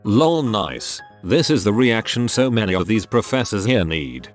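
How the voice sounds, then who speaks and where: A man reading out online posts as a scripted narration, steady and dry. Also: fairly low pitch, unhurried, soft background music.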